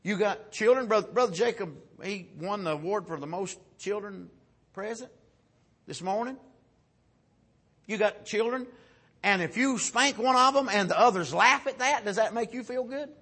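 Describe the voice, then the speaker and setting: A man preaching a folksy sermon, swinging from loud shouted peaks down to low, quiet asides. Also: moderate pace, slightly rough.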